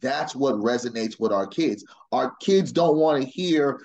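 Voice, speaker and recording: A man's voice: medium pitch, big pitch swings, moderate pace, hardly any pauses, a little mellow, lo-fi sound. A man speaking as a panelist on a video call in an emphatic, street-casual way.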